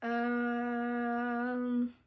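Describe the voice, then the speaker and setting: A woman's voice: a little high, monotone, extremely slow. A young woman casually retelling a book's plot, rambling with lots of fillers and giggles. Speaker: book reviewer.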